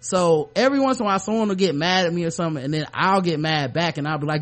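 Animated high-voiced man on a video call. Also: racing, hardly any pauses. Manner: animated, sarcastic, laughs often. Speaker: podcast co-host. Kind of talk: casual podcast chat. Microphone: webcam on a video call.

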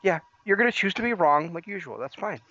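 A man co-hosting a casual podcast, teasing his partner in quick banter. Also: high voice, animated, bright, forceful tone. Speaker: podcast co-host. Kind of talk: casual chat. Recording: dull lo-fi audio.

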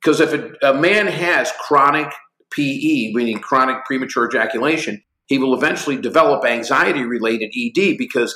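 A man in his sixties tells stories with gusto, playing out both sides of every exchange. His voice is bright and forward, and the sound rings in an echoey room. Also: medium pitch, moderate pace. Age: 60s. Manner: lively anecdotes acting out both sides of conversations. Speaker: guest, company executive. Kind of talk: animated storytelling interview.

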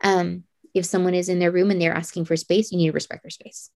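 A woman's voice: fairly low pitch, little pitch movement, quick pace, vocal fry, warm tone, no echo, clean studio sound. A woman who homeschools her children, talking earnestly as a podcast guest and repeating phrases for emphasis. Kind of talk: casual podcast chat.

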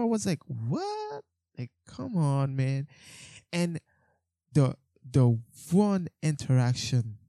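A young man with a medium-pitched, dark voice rambles casually about his street photography, full of fillers and restarts. He swears when he gets exasperated. The recording is clean studio sound with no echo.

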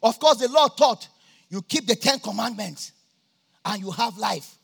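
A high-pitched preacher, a man with a husky, gravelly voice. He laughs easily and swings from easy chat to sudden shouts. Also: animated, unhurried. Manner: jovial, laughs often, bursts into shouts. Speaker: pastor. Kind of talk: sermon. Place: church campmeeting.

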